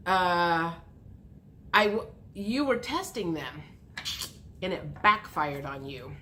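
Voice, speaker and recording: Woman tarot reader, unhurried delivery, crisp bright tone, muses aloud over each card, lively when acting out dialogue. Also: a little hiss or hum. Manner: muses aloud as she reads the cards; lively, acts out dialogue with big pitch jumps.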